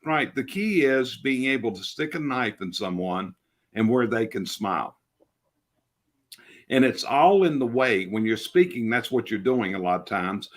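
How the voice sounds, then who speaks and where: A man's voice: mid-range voice, animated, a little slow. A middle-aged man with a North Carolina Southern accent, a business coach talking bluntly and folksily in a casual interview. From North Carolina, Charlotte area.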